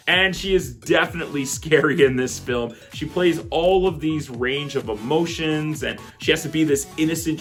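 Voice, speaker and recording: A man giving a casual, excitable film review, chatty and quick to laugh. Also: mid-range voice.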